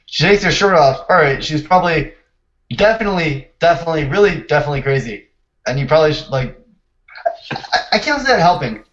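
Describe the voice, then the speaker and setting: Calm man on a dull lo-fi mic. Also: a little high, fairly quick. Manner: calm, reasoning. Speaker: podcast co-host. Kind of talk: casual chat.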